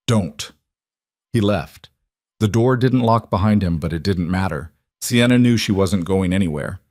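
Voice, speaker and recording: A man narrating a dramatic story in an even, measured way. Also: lowish voice, dry recording, clean studio sound.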